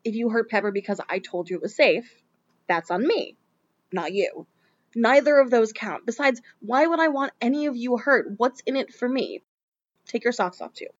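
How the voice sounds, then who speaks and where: A woman's voice: on the high side, animated, normal speed, muffled recording. A woman voicing a sardonic demon man in an audiobook reading, with a dry, curt manner. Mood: firm.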